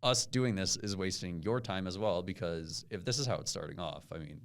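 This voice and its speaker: A man's voice: low voice, brisk. A young man co-hosting a podcast in casual chat, swearing often and acting out quotes as he tells stories. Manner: animated storyteller, swears often, acts out quotes. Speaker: podcast co-host.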